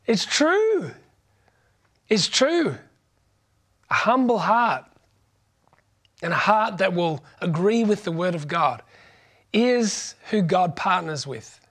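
A man preaches in a relaxed, joking storytelling way, his voice sitting notably high for a man. He restarts phrases often and keeps the tone conversational. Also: slow, long pauses. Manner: conversational and humorous, frequent restarts. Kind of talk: sermon with personal storytelling.

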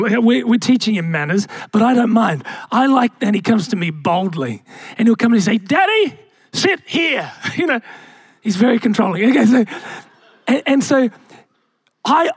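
A man's voice: very high voice, lively intonation, normal speed, breathy edge, no room sound, clean studio sound. A young man preaching a sermon as pastor, asking the congregation rhetorical questions and calling out to them.

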